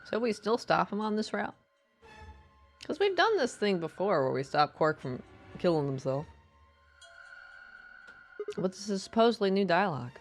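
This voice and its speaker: A woman's voice: medium pitch, very animated, moderate pace, long pauses, soft background music. A woman streaming a game, chatting casually and explaining the story in a rambling way. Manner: chatty, rambling, jumps into loud reading of lines. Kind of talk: casual gameplay commentary and reading dialogue aloud.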